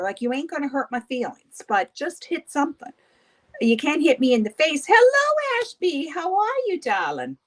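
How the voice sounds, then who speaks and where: A woman hosting a beauty livestream, chatting casually with viewers while doing her makeup, gossipy and often laughing. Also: high-pitched.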